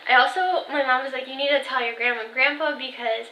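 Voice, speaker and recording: A woman's voice: high voice, fairly even intonation, fast talker, pushed and bright, a little hiss or hum. A twenty-year-old woman vlogging in casual chat, telling a story with lots of "like" and "um" and quoting her family's texts. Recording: echoey room.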